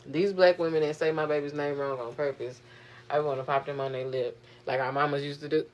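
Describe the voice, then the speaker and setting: A young woman vlogging, venting in a profane, animated, exasperated way. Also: sits low, fairly quick, dull audio. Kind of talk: casual venting monologue.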